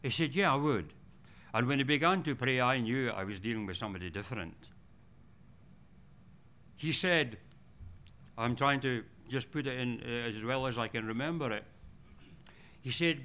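Bright-voiced earnest male preacher. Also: medium pitch, normal speed, pauses often. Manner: earnest, often repeats and restarts words. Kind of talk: sermon with personal stories.

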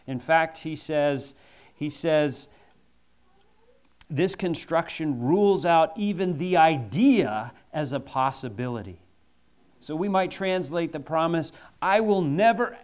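A man preaching a sermon, slow and emphatic, repeating key phrases for force. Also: on the high side.

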